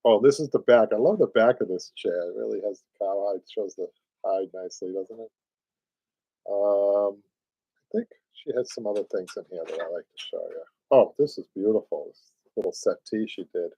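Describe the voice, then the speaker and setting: A man's voice: on the low side, normal speed, vocal fry, warm tone, slightly rough, no room sound, muffled recording. A man in his sixties with a Boston accent, hosting a live upholstery show in a rambling, chatty way. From Boston area, USA. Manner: chatty, rambling, repeats words, laughs often. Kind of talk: casual livestream chat.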